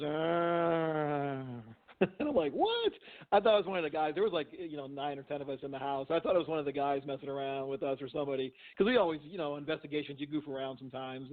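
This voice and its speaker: A middle-aged man with a somewhat high voice rambles through his stories, full of "you know" and restarts. He sounds tinny and thin, like a call over a phone line. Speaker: guest, physician and paranormal investigator. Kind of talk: casual storytelling in a phone interview.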